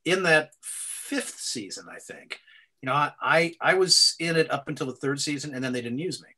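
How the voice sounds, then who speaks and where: An older man talks through a casual interview with a bright, forward voice sitting a touch high. He stumbles into false starts, laughs often and swears with relish. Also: normal speed. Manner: animated, laughing, swearing, stammering restarts. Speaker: guest actor. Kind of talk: casual interview over a call.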